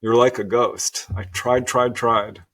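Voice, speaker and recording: A middle-aged man speaks earnestly in a guest interview, animated and quick to laugh as he recounts his experiences. His voice sits at an ordinary, mid pitch. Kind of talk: storytelling interview.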